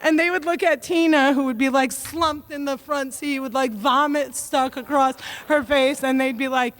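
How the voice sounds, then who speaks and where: High-voiced woman telling jokes. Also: steady tone, fairly bright tone. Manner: joking, self-mocking, quick punchlines. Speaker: keynote speaker. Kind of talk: comedic keynote speech.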